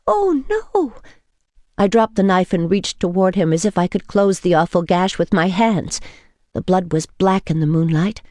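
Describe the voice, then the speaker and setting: A woman reading a novel in first person as an audiobook narrator, measured and intimate. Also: fairly low pitch, a little mellow, no room sound, clean studio sound.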